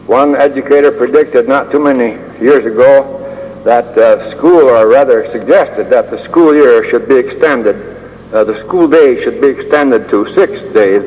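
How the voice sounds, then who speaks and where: An older man giving a prepared speech as a school administrator, measured and dryly humorous, pausing often with uh. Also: medium pitch. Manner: measured, with dry humor and frequent uh pauses. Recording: long hall reverb with faint hiss.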